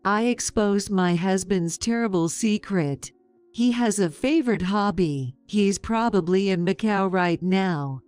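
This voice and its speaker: Woman in her 50s reading a story, slow and calm, smooth clear voice, dry sound. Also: mid-range voice, faint music behind. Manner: calm, measured, sarcastic. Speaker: narrator. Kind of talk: scripted story narration.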